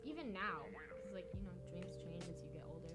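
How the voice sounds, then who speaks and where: A woman's voice: lowish voice, animated, fairly quick. Casting: young woman, college radio host, teasing and giggly, music bed underneath. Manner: playful, teasing, laughs often. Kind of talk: casual chat.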